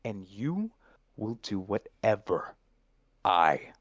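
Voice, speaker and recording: Guy doing a low-voiced villain boss, quiet and slow, dry close sound, totally in charge. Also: big pitch swings, no echo, dull audio, exaggerated voice. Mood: menacing. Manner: quiet, slow, possessive menace. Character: menacing condescending male villain boss.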